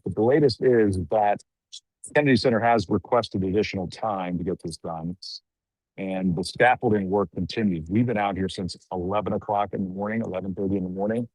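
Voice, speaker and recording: A middle-aged man delivers a live on-the-scene news report outdoors late at night. His voice sits a bit low, and the sound is dry and close with no room echo. He talks in a loose, conversational way, dropping wry asides between updates. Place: outdoors at night among a crowd.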